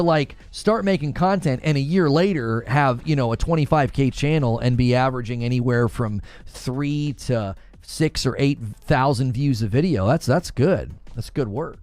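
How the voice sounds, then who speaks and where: A man hosting a gaming news stream, chatting casually with viewers and reading their comments, animated and quick to laugh. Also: a little high, dry recording. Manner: animated, laughs often, thinks aloud with restarts. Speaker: host of a gaming news show.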